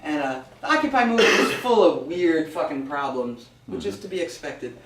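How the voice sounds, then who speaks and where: An American man, a folk singer, casually telling a profane, animated story between songs at a live show in a small venue. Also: on the high side, a little fast, a little hiss or hum. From United States. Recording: roomy, distant live recording with music.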